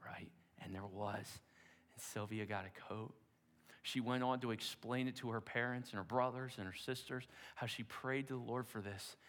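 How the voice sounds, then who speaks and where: A man preaching, telling a story dramatically with repeated words and hushed asides. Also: medium pitch. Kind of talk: sermon storytelling. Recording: long hall reverb.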